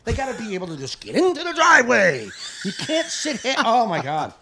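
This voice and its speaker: A man co-hosting a live podcast, ranting in casual chat, profane and fired up, with bursts of yelling. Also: high-pitched, wildly swooping pitch, brisk, creaky, crowd noise. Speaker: podcast co-host.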